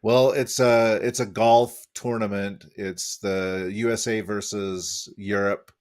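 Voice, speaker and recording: A man co-hosting a podcast who explains things with hesitation and fills his pauses with "uh.". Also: lowish voice, steady tone, a little mellow, smooth. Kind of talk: conversational podcast talk.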